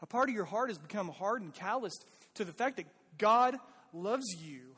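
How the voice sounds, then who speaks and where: Man, pastor, earnest sermon, plain talk, slightly high voice, long hall reverb. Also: animated, moderate pace, fairly bright tone, breathy edge. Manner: earnest, pleading, conversational.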